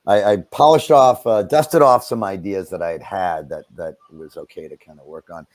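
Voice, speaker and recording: A middle-aged man, a voice actor, talking as a guest on a radio show in a relaxed, self-deprecating way, with halting fillers. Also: deep voice, no room sound. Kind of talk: radio interview. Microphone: studio mic.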